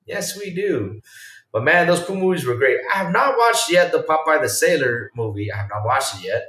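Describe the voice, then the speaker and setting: A male podcast host chatting casually on a livestream and reacting to viewer comments, excitable and rambling, swinging between low mumbles and loud outbursts. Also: moderate pace. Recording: roomy sound from a distant mic.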